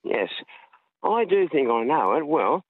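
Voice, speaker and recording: A man's voice: on the high side, sing-song, a little slow, slightly rough, no echo. Man, Australian accent, radio caller, rambling storyteller, tinny phone line. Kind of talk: phoned-in anecdote.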